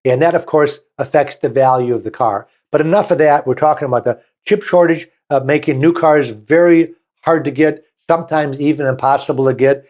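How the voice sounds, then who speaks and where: A man's voice: a little high, a little fast, darkish tone. A man with a Southern US accent hosting a car show, reading short passages aloud and then riffing on them in a folksy, opinionated way. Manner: folksy, reads a passage then riffs with asides. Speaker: car dealer show host. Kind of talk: opinionated talk-show commentary.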